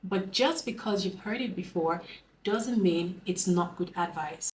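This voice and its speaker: Calm Nigerian woman, lowish voice. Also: very noisy. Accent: Nigerian English. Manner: slow, calm, deliberate delivery. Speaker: beauty and lifestyle vlogger. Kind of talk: advice vlog.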